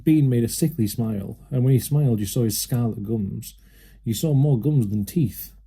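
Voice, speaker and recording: A man narrating a children's storybook aloud with a steady, lively manner. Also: medium pitch, normal speed, slight background noise. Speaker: reader.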